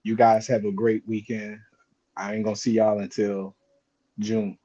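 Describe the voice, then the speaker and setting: A man's voice: on the low side, level tone, unhurried, warm tone, highs cut off. A man co-hosting a casual podcast, joking and teasing the host.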